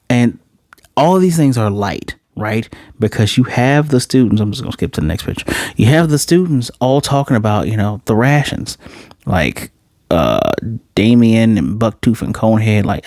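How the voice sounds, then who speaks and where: Animated casual male anime reviewer. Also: lowish voice, no echo, studio quality. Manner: animated storytelling with quick character voices and slang. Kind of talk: casual episode recap.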